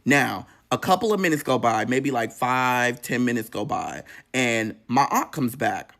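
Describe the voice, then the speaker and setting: A man's voice: medium pitch, animated, measured pace, fairly bright tone. Emotional, profane male storyteller. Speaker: storytelling vlogger. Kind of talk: personal storytime.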